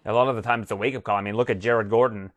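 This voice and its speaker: A man interviewing a guest, asking brisk, direct questions. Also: fairly low pitch, fairly even intonation, no room sound, muffled recording.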